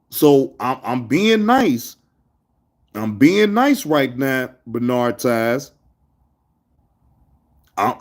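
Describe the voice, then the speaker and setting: Animated livestream host man, higher voice. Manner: animated, scolding chat viewers, laid-back slang. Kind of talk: casual livestream chat.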